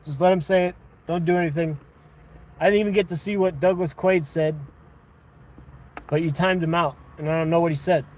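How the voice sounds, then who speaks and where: A man hosting a livestream, casually chatting and arguing with viewers in chat, thinking out loud. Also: on the high side, fairly even intonation, fairly quick, long pauses. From United States. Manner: conversational, argumentative with chat, thinking aloud. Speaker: livestream host.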